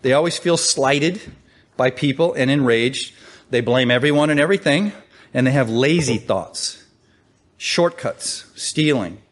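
A man preaching a sermon, conversational and animated, often asking the listeners questions and rising in pitch to stress quoted calls. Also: unhurried.

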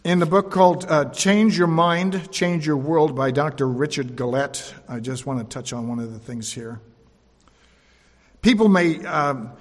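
A man with a slightly raised voice delivers a sermon in a church hall. He repeats key lines for emphasis and often drops to a soft, low delivery. His words ring with a long hall reverb. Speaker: preacher.

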